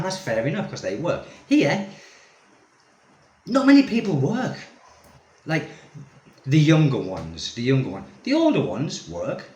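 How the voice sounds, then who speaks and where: A man's voice: on the high side, a little mellow. A man vlogging as an expat, ranting casually to camera in a rambling, exasperated way full of tag questions. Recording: echoey room.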